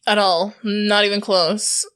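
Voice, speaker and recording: A woman's voice: mid-range voice, flat delivery, slow, a bit bright, clean tone. Playful woman chiming in on a podcast. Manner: playful, chiming in, laughs often. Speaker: podcast co-host. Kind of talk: casual movie review chat.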